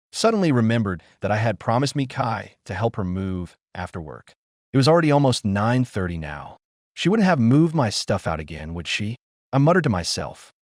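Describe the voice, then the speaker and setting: A man narrating a first-person story in an expressive, emotional reading. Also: medium pitch, no room sound, clean studio sound.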